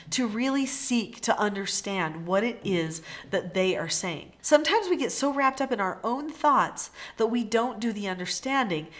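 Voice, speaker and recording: A woman giving parenting advice in a measured way, slowing down to stress her key points. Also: mid-range voice. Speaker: parenting teacher. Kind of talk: talking-head advice video.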